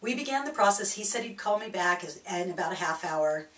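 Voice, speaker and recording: A spiritual speaker tells a reflective personal story fairly quickly, animated and laughing at times. Her mid-pitched voice is captured by a distant mic in an echoey, roomy space.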